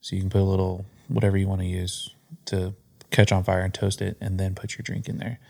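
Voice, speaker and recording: A man's voice: sits low, flat delivery, brisk, gravelly, darkish tone. A man chatting casually as a guest on a podcast, telling stories about coffee and cocktails.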